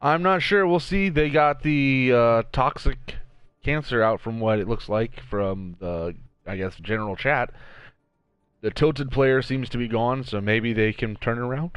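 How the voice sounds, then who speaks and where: A man casting a community video game match in a relaxed, casual way. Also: medium pitch, unhurried, clear, resonant tone, no room sound, highs cut off. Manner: laid-back, chuckles often. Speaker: esports caster.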